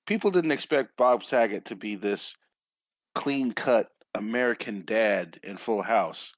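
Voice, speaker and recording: A man in a casual podcast chat, pausing and searching for a name mid-sentence. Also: fairly low pitch, no room sound. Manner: hesitant, searches for names. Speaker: podcast co-host.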